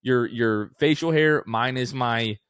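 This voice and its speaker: A man's voice: mid-range voice, takes it slowly, clean tone, no echo, studio quality. A man in his late twenties co-hosting a casual podcast, telling stories and acting out what others said. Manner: animated storyteller, acts out quotes. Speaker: podcast co-host. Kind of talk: casual chat.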